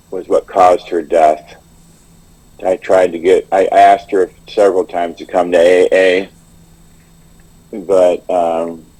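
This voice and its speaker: A man sharing at a recovery group meeting in a halting way. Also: sits low, mellow, rough recording. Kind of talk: personal share at a recovery meeting.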